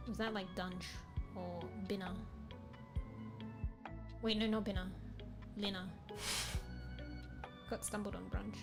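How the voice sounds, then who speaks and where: A tired woman streamer chatting with her viewers in a rambling, playful way, often correcting herself. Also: medium pitch. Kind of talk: casual chat with viewers. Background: game music.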